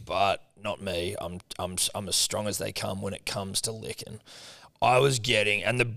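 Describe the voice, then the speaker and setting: A young man spins a rambling story in a loose, swear-heavy podcast chat. His mid-range voice carries a gravelly edge. The sound is dry and close to the mic. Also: on the low side, normal speed, no room sound. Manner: laid-back, swearing, animated retelling. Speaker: podcast co-host.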